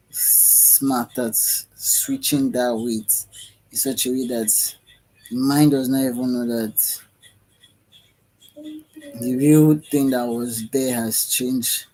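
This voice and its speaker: A man's voice: mid-range voice, dark tone, rough recording. A man, talking to camera in a rambling, dreamy vlog full of repetition, sighs and yawns. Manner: meandering, dreamy, repeats himself, with yawns and sighs. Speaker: vlogger. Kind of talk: rambling spiritual self-talk vlog.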